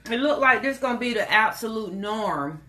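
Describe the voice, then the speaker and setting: A woman's voice: a little high, expressive, normal speed, pushed and bright, slight background noise. A woman co-hosting a casual talk show, teasing her partner and laughing often. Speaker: co-host. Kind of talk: casual chat.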